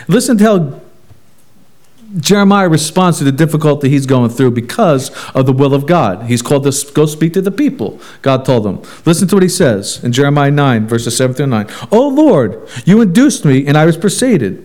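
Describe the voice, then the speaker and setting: A man's voice: a little high, expressive, brisk, darkish tone. A man preaching a sermon as a pastor, emphatic and full of rhetorical questions.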